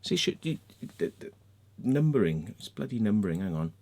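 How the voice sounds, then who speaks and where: In this screen-share rant, a vlogger who also makes crop circles speaks fairly quickly in a lowish, warm, very animated voice. After muttering while searching his screen, he turns furious, cursing constantly and saying the same things over and over.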